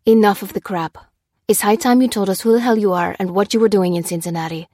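A woman's voice: medium pitch, fairly even intonation, normal speed, dark tone, no room sound, close to an everyday voice. A hard-edged male major , voiced by a woman narrator, snaps out short commands. His lines come clipped and impatient. The recording is close and dry, with no room sound. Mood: commanding. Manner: curt, barking orders.

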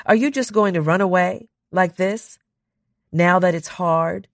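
A woman's voice: on the low side, measured pace, dry recording, studio quality, voice pushed up. A reader voicing Kalita, a bitter furious woman. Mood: accusing. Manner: bitter, cursing. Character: hurt, furious woman crew member.

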